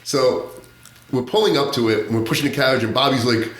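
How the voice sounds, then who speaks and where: A man's voice: medium pitch, a little fast, a bit bright, echoey room. A man telling a long undercover story in casual podcast talk, acting out the voices of the people in it, laughing often and swearing. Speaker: podcast guest, former narcotics agent.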